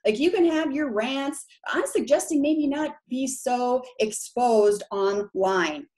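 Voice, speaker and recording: A woman's voice: high-pitched, takes it slowly, a little mellow. A woman in her forties from Minneapolis with a Minnesota accent and long O's, giving a frank, chatty presentation to an audience of real estate agents and often checking in with "right?". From Minneapolis, Minnesota, USA.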